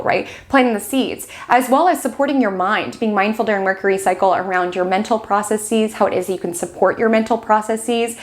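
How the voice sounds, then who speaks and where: A woman's voice: medium pitch, fairly quick, few pauses. A woman chatting in a casual vlog, bubbly and gushing. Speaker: astrology vlogger.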